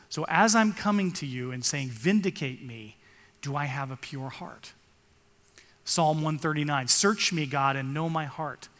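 A man's voice: fairly high pitch, a bit bright, in a large hall. A male pastor giving an earnest sermon, reading scripture aloud and rising for emphasis.

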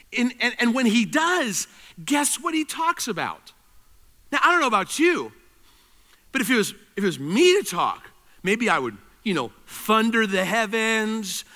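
A man preaching a sermon, animated, swinging between loud emphasis and quiet intensity. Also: sits high. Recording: reverberant hall.

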